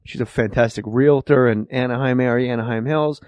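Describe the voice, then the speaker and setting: A man's voice: medium pitch, a little fast, no room sound, lo-fi sound. A man hosting a podcast, telling a comic story full of swearing and acted-out voices. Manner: profane, animated, acts out voices. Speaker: podcast host.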